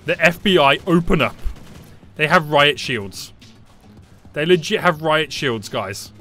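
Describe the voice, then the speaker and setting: A man giving live gameplay commentary, panicky and excitable, often repeating short phrases. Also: on the high side, measured pace, soft background music. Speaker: gaming YouTuber.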